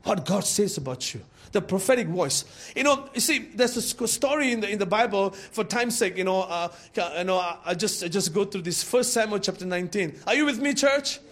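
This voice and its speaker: A man preaching a sermon to his church, swinging from loud shouts to quiet asides, with many fillers and restarts. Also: sits high, animated, a little fast, few pauses. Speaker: pastor.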